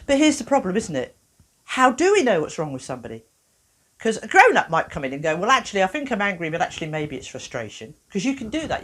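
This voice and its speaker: A woman, a therapist giving a playful, expressive workshop talk with self-mocking humor. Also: medium pitch.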